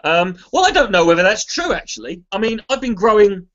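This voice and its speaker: An Englishman with a fairly high, fairly bright, sing-song voice rambles a little fast to viewers of a live stream, where he's a charity livestream contributor. He swears freely and keeps restarting his sentences, tripping over himself. The recording sounds slightly dull and muffled, like a lo-fi stream.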